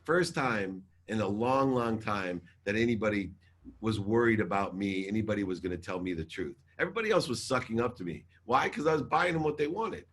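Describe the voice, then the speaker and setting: A man, a guest in an interview, telling an emotional personal story in an animated, emphatic way. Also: lowish voice, a little fast. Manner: animated, emphatic, swears casually. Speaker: guest entrepreneur.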